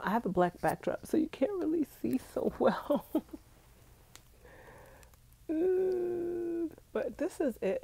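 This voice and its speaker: A young woman vlogger congested with allergies chats casually with her live stream viewers from indoors at home. She speaks on the low side in a creaky, mellow voice, with no room sound.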